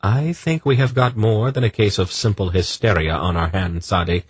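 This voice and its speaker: A man's voice: fairly low pitch, normal speed, breathy edge, dry recording, voice pushed up. A man voicing a commanding older woman, stern and reproving.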